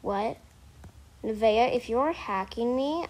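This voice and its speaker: A female gamer talks her way through a casual gameplay session at home, her voice sitting fairly high and her words coming out in an unhurried drawl. She rambles, backtracks and corrects herself mid-thought, then flares into playful mock outrage. A faint ambient hiss sits under the voice. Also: expressive, a little mellow, low-quality recording. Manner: rambling, chatty, self-correcting. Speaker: gameplay streamer.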